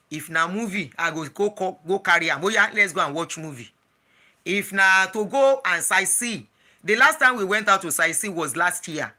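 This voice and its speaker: An adult vlogger with a Nigerian accent and a very bright, sharp tone. The story comes out as casual chat that mixes in Pidgin. It is full of small restarts and asides. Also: mid-range voice. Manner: chatty, slips into Pidgin, frequent restarts. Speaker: travel and lifestyle vlogger.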